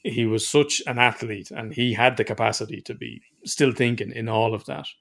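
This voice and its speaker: A man's voice: mid-range voice, fairly even intonation, moderate pace, gravelly. An Irish man telling rambling stories in casual podcast chat and swearing freely. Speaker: podcast co-host.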